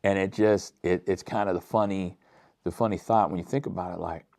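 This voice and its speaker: A man delivers a casual, conversational sermon full of slang. His voice sits very low, and the recording is close and dry with no room sound. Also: fairly even intonation, a little fast, gravelly, a little mellow, no echo. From Pittsburgh, USA. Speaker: pastor.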